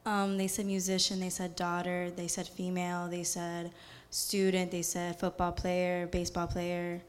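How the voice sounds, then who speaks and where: Hesitant young woman, flat voice. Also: lowish voice, normal speed, smooth. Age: young adult. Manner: hesitant, listing words. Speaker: congregation member.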